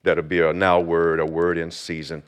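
A man pastor giving a sermon, moving from quiet talk and prayer into slow, emphatic, rising preaching. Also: low-pitched, monotone. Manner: builds from quiet intro to fervent preaching, slow emphatic phrases; prays aloud.

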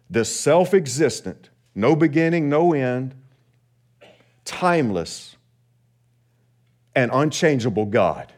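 A man preaching a Sunday sermon in church, rising and slowing for emphasis on scripture. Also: medium pitch, lively intonation. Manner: rises and slows for emphasis when quoting scripture. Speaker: pastor. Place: church sanctuary.

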